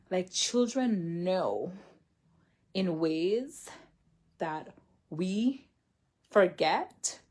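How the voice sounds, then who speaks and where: A woman's voice: lowish voice, breathy edge. A woman giving a casual sermon-style talk, chatty and full of "like", laughing lightly as she retells scripture in her own words. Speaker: faith speaker.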